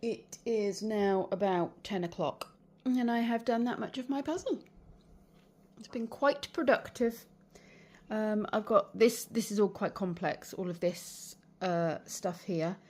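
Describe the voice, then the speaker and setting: A woman's voice: medium pitch, measured pace, a little mellow. A woman with a British English accent chatting casually to camera at home, rambling a little with fillers, tired and yawning. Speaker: vlogger. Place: at home and in her garden.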